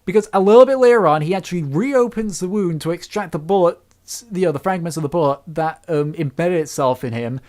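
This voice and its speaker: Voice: mid-range voice, a little fast, few pauses, darkish tone. Rambling casual film reviewer. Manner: rambling, many restarts, complaining.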